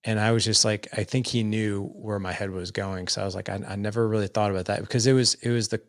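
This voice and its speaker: A man's voice: lowish voice, fairly even intonation, quick pace, no room sound, studio quality. A middle-aged man telling his story as a podcast guest, earnest and loose, with lots of "like" fillers. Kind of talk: casual storytelling in an interview.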